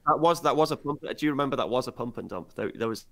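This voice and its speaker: A man in a casual chat, speaking haltingly and restarting often as he recalls details. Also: medium pitch, lively intonation, gravelly, fairly bright tone. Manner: halting, full of fillers and restarts while recalling.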